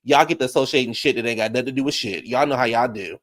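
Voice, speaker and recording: A man hosting a casual YouTube show, recapping a reality TV episode and talking to his viewers in chat, jumping into animated high voices when he quotes people. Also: racing. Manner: talks back to viewers in chat. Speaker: YouTube reaction show host.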